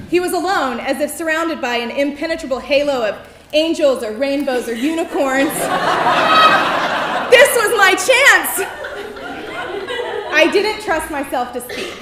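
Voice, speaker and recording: Bright, high-voiced woman telling a wry story. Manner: wry, self-mocking, animated delivery. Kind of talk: live personal storytelling performance. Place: theater stage before an audience. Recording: roomy venue echo, faint noise.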